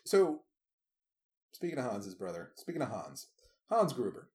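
A man talking films in an easygoing podcast chat, his pitch swinging widely as he goes. He is animated and drops into mock voices to quote scenes. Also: measured pace. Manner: animated, breaks into mock voices when quoting. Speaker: podcast co-host. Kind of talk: casual movie discussion chat.

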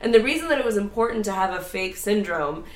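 A woman casually telling a story with crude, animated asides. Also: medium pitch, fast, reverberant, far from the mic. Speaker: storyteller host.

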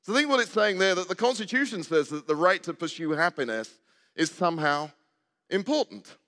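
Older male preacher, chatty sermon style, quizzes the pews, slightly high voice, long church reverb. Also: lively intonation, fairly quick, sharp tone. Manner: conversational, asks the congregation questions and jokes. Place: church sanctuary.

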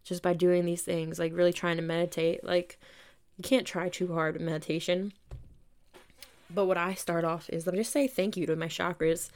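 Young woman rambling casually on her podcast, says like a lot, kinda low voice. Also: flat delivery, moderate pace, darkish tone. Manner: chatty, swears freely, lots of "like". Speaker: podcast host. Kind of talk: casual storytelling monologue.

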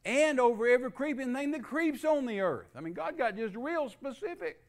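High-voiced emphatic male preacher. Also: expressive, moderate pace. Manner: emphatic, spells out words letter by letter. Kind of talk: sermon.

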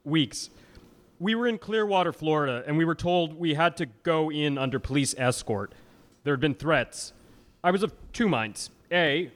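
A man reading first-person testimony aloud at a live reading, in an expressive, dramatic way. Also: fairly high pitch, normal speed. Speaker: reader at a live oral-history reading.

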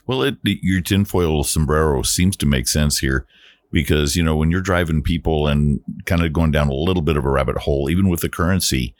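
A man co-hosting a casual political podcast, with relaxed, laid-back asides. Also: extremely low pitch, brisk. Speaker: podcast co-host.

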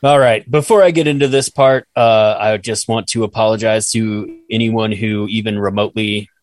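Co-hosting a laid-back podcast, a man reads his research notes aloud, trips over French words, swears, and laughs at himself. His voice is on the low side, with a steady tone at normal speed.

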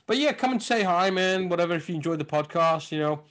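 Animated storytelling comedian, slightly high voice. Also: male voice, fast. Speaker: stand-up comedian, podcast guest. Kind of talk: casual podcast chat.

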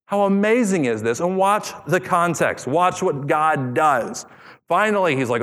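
Brief: thirties male pastor, lively sermon delivery, slightly high voice, long hall reverb. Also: a little slow. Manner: animated, acts out scripture voices.

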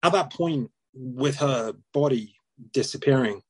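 A man with a husky voice puts a question to his guest in a measured, hedging way. The sound is dry and close. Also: medium pitch, no room sound. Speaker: interviewer. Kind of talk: interview question.

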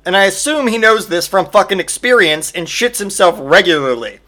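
A man's voice: high voice, animated, a little fast, bright, forceful tone. A man hosting a podcast, delivering a profane solo comedic rant full of exaggerated mock outrage. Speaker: podcast host.

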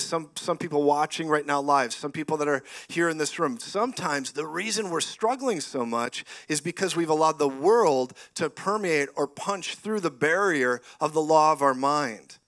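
A middle-aged man preaching a lively charismatic sermon, animated and often laughing, rising to loud exclamations. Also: on the high side, normal speed, few pauses.

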